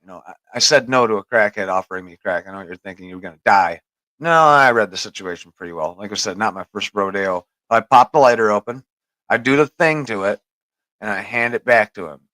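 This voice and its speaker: A man with a lowish voice rambles through a profane anecdote as podcast host. The sound is close and dry, with no room around it. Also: brisk, pushed and bright, no echo, poor audio. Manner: rambling, profane, laughs at own story. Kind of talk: casual storytelling chat.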